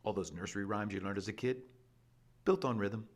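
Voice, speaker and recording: A man presenting an energetic scripted explainer with a lively, playful and emphatic delivery. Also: lowish voice, fairly quick. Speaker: educational presenter.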